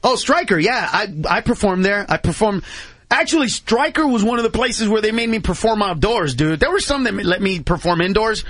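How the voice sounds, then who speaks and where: Male comedian guest, high-pitched, rapid-fire storytelling, slangy, dry close mic. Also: no echo. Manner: excitable, says dude and bro a lot, acts out voices. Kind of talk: animated anecdote telling on talk radio.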